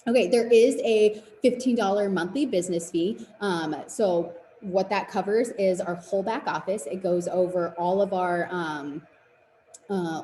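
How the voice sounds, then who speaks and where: A woman's voice: medium pitch, warm tone, echoey room, slight background noise, poor audio. A woman in her twenties, a fitness business coach, giving an earnest, encouraging webinar presentation. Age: 20s.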